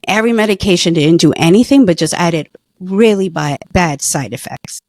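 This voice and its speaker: A woman's voice: on the low side, normal speed, a little mellow, dry recording. A middle-aged woman earnestly telling a personal story in conversation, emotional at times. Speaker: guest, former patient.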